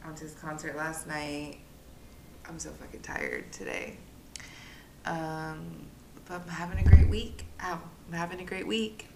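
A woman's voice: low voice, measured pace, vocal fry, roomy sound, background noise. A woman co-hosting a podcast, telling stories in casual chat in a rambling, frank way. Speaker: podcast co-host.

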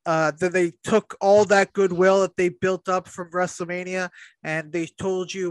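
A man's voice: high voice, level tone, moderate pace, clear, resonant tone, no echo. A man co-hosting a casual talk show, blunt and ranting, swearing often. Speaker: podcast co-host. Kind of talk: casual chat.

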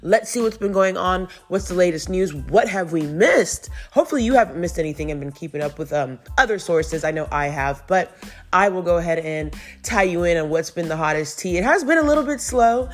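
A chatty woman hosts a celebrity gossip show in a somewhat low voice, reading stories aloud and breaking off to give her own opinions. She giggles now and then, and her voice is still recovering after being lost. Faint music plays behind her. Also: animated, fairly quick. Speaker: celebrity news host. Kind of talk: casual gossip news commentary.

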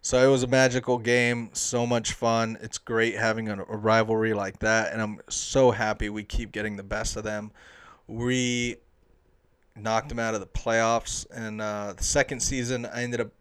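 Excitable man, smooth voice. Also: on the low side, moderate pace. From United States. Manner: chatty and excitable, with many fillers. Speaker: soccer fan. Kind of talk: casual storytelling to camera.

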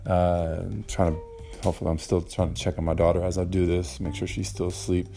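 A man's voice: deep voice, level tone, brisk, vocal fry, mellow. A young man hosting a casual solo podcast, rambling and swearing freely with lots of ums and uhs. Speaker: podcast host.

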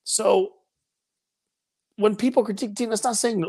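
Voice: mid-range voice, steady tone, measured pace, darkish tone, breathy edge. A podcast co-host ranting heatedly about sports fans in casual chat.

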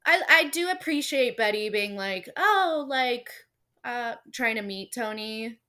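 A woman's voice: on the high side, moderate pace, pushed and bright. A woman co-hosting a podcast in casual chat, reacting to a recap with quips and gasps. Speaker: podcast co-host.

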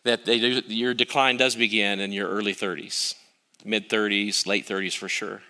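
A man's voice: fairly low pitch, level tone, moderate pace, pushed and bright. A middle-aged male pastor preaching a sermon, telling a story on himself with wry, self-mocking humor.

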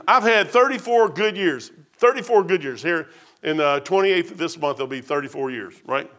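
A man's voice: a little high, expressive, moderate pace, a bit bright. A man preaching a sermon in a church, telling folksy, self-deprecating stories with humor. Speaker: pastor.

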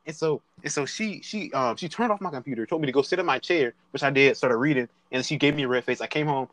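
A man's voice: mid-range voice, fast talker, a bit bright, no echo. A young man casually telling a rambling, slangy story to friends and acting out the people in it. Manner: slangy, rambling, acts out quotes. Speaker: storyteller in group chat.

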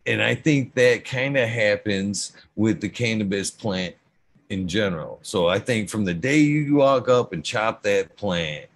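Slow, low-voiced rambling man. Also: expressive. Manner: rambling, stuttering, swears often. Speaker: cannabis grower guest. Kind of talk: casual podcast conversation.

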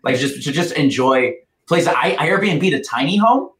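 A man's voice: on the high side, lively intonation, moderate pace, a bit bright, reverberant. A man co-hosting a podcast in casual chat, self-mocking and laughing often as he talks. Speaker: podcast co-host.

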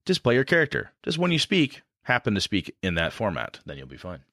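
A man's voice: lowish voice, wildly swooping pitch, brisk, sharp tone, no echo, clean studio sound. A man co-hosting a casual podcast, laughing often and slipping into character voices. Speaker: podcast co-host.

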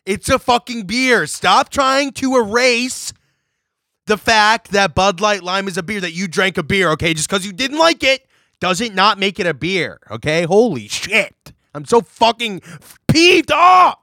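A man with a high, sharp, bright voice co-hosts a podcast in loose, casual chat. He rants in exasperation and swears freely. The sound is dry and close, with no room echo. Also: a little slow, vocal fry. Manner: exasperated, profane ranting. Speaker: podcast co-host.

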